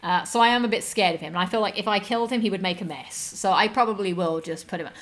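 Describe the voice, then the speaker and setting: A woman's voice: medium pitch, quick pace. Chatty woman streamer. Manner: chatty and self-deprecating, rambling with fillers and giggles. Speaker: livestream host. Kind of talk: casual chat with viewers.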